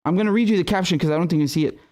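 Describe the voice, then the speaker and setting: A young man running a political commentary livestream talks very fast in a high-pitched voice with a darkish tone. His angry rant is heavy with profanity and stammered restarts, and he reads viewers' super chats aloud.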